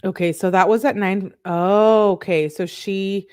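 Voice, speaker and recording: A woman's voice: medium pitch, fairly even intonation, a little slow, darkish tone, clean tone. A woman giving casual commentary as she reads text messages aloud, chatty and blunt with exasperated asides. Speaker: online commentator.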